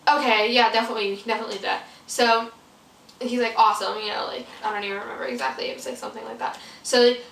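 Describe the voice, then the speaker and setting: A woman's voice: on the high side, fairly even intonation, very fast, gravelly, a bit bright. A teenage girl telling a rambling story in casual chat, full of fillers, acting out what people said in a bedroom vlog. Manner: rambling, filler-heavy, acts out quotes. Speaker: vlogger. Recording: roomy echo, mic a bit far off.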